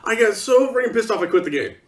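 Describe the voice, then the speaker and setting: Animated, exasperated ranting man. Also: high voice, fast, distant mic. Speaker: vlogger. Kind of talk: ranting monologue.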